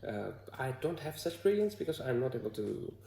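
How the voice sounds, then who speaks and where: A man from Bhutan with a Bhutanese accent, talking to the camera in a hesitant, halting way full of fillers. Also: mid-range voice, very animated, vocal fry, mellow, reverberant, slight background noise. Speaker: vlogger. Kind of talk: casual talk to camera.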